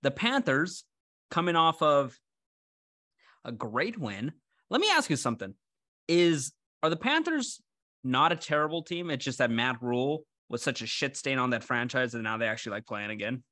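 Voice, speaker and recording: A man's voice: mid-range voice, very animated, moderate pace, sharp tone, dry recording, studio quality. A man hosting a casual sports betting podcast, joking and teasing while he runs through the picks. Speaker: podcast host.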